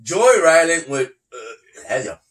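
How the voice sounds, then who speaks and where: Slow-paced and fairly high-pitched, a man hosts a podcast from an echoey room, casually reviewing wrestling. He retells scenes with lots of energy, quoting them in character and laughing often.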